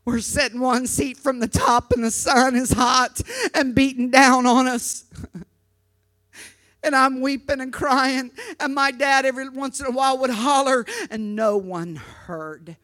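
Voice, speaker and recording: A woman's voice: high-pitched, unhurried, no room sound. Impassioned woman preacher, dry close sound. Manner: impassioned, swinging from hushed storytelling to shouting; repeats words when stirred. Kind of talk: sermon with personal story.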